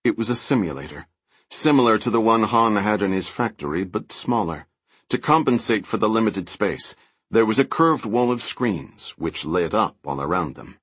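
A man narrating an audiobook with steady, even storytelling. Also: lowish voice, normal speed, breathy edge, no room sound. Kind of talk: scripted narration.

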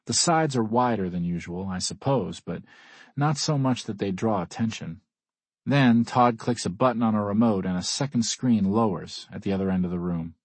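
A man narrating a first-person audiobook in a measured, even manner. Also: fairly low pitch, husky, no room sound.

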